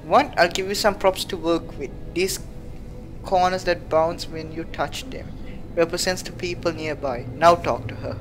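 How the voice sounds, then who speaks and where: A woman's voice: fairly low pitch, fairly even intonation, moderate pace, music in the background. Playful woman streamer narrating a game. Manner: playful, hums and reads game text aloud. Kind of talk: live let's-play commentary.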